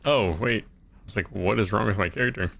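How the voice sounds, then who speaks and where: A man's voice: on the low side, brisk, gravelly, fairly bright tone. A man streaming a game and chatting casually in laid-back reactions. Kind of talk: casual gameplay commentary.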